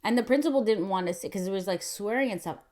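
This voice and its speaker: A woman's voice: mid-range voice, quick pace, a little mellow. A young woman telling a story in casual vlog chat, full of fillers and acted-out quotes. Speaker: mukbang vlogger.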